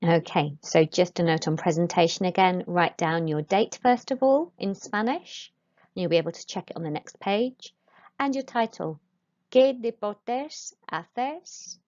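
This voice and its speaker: A woman with a slightly low voice teaches a recorded Spanish lesson. She gives clear, patient instructions and models the Spanish words herself. The recording sounds dull and muffled. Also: a little mellow.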